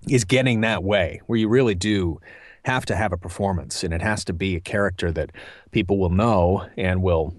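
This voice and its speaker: A man's voice: sits low, moderate pace, no echo, studio quality. A middle-aged man, a voice actor, answering interview questions in a thoughtful, meandering way with many fillers. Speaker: voice actor guest.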